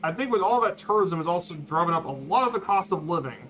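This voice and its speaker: A man streaming a flight simulator, giving a casual slideshow talk with halting, repeated words and fillers. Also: sits high, animated, a bit bright. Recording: dull lo-fi stream audio with faint noise.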